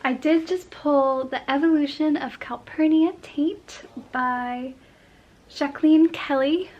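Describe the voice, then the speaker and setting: A woman talking casually and softly in a cozy lifestyle vlog, at times dropping to a whisper. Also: high-pitched, takes it slowly, highs cut off. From Portland area, United States. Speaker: vlogger.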